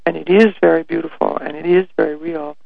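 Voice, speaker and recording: Man, workshop leader, reflective storytelling, soft-spoken, near whispers, gravelly, tinny phone-like audio. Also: fairly high pitch, steady tone, fairly quick, no room sound. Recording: dry, phone-like narrow sound.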